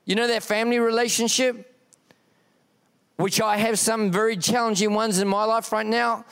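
A man's voice: high voice, fairly even intonation, moderate pace, creaky, fairly bright tone, smooth. A man preaching a sermon in a church, passionate, with repeated exhortations and a rising and falling delivery. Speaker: pastor.

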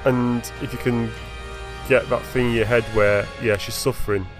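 A man's voice: medium pitch, fairly even intonation, moderate pace, over music. Rambling man chatting about games. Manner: rambling, self-correcting, laughs often. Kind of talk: casual chat about video games.

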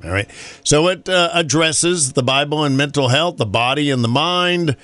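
A man's voice: on the high side, moderate pace, fairly bright tone, no room sound. A man from North Carolina hosting a morning radio show, chatting casually in a rambling way and laughing often.

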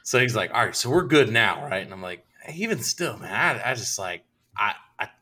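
Low, bright-voiced man telling a story. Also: normal speed. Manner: animated, profane, acts out both sides of conversations. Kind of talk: casual storytelling with quoted dialogue.

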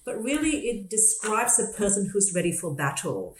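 An Australian woman hosting a podcast, explaining ideas in a lively, casual way with frequent laughs. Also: mid-range voice, moderate pace, slight background noise. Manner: lively, laughs often, self-deprecating. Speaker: podcast host. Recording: roomy echoey room.

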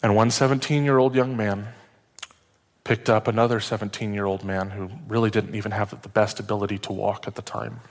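A male pastor preaching a sermon in a conversational, self-deprecating way, dropping to hushed tones at the emotional moments of a story. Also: on the low side, little pitch movement, fairly quick, in a large hall.

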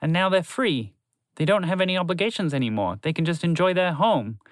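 Brief: a bright-voiced old horse, cheerful and coaxing, put on by a man reading a storybook, dry close sound. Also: a little high, lively intonation, a little fast, dry recording, pitched above the performer's own voice, close to an everyday voice. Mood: encouraging. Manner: eager, upbeat coaxing. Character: old grey male horse, cheerful and encouraging.

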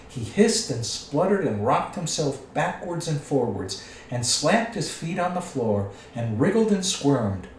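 A man reading a storybook aloud with expressive storytelling. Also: mid-range voice, far from the mic, slight background noise. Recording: echoey room, away from the mic.

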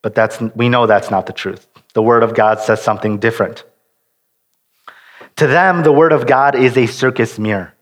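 Earnest male preacher, middle pitch, rephrases as he goes, leans on key words. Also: normal speed. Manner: restarts and rephrases mid-sentence. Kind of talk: sermon.

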